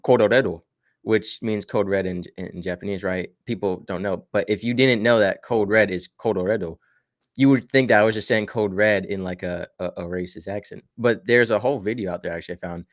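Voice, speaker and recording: A man's voice: fairly low pitch, a little fast, few pauses, no room sound. A man chatting casually on a video call, telling stories and cracking jokes with lots of fillers. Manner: joking, storytelling, many fillers. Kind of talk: casual chat.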